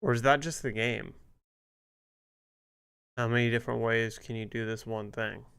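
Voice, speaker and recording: A man's voice: mid-range voice, steady tone, normal speed, creaky, a bit bright, smooth. A man streaming a game who rambles in casual commentary, sounding irritated and swearing freely. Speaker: gaming streamer.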